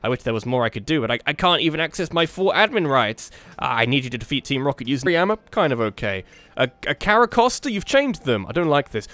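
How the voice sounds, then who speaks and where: Animated man rambling through gameplay. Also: fairly high pitch, a little fast. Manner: animated, rambling, self-interrupting. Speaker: let's play host. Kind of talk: casual gameplay commentary.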